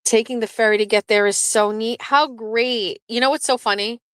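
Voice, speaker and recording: A woman's voice: on the high side, normal speed, clean tone, dry recording. Chatty woman host, dry close sound. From southeastern Massachusetts. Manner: chatty, rambling, swears freely; lively, breaks into laughs. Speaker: show host. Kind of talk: casual livestream chat.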